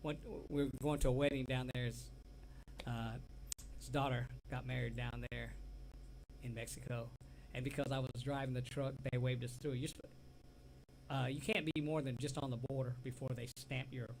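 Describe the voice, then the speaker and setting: Man, Southern US accent, gravelly voice, rambling storyteller, casual talk show, faint hum behind. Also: mid-range voice, level tone, normal speed, low-quality recording. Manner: rambling storyteller, laughs easily, trails off mid-sentence. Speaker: co-host. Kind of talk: casual chat.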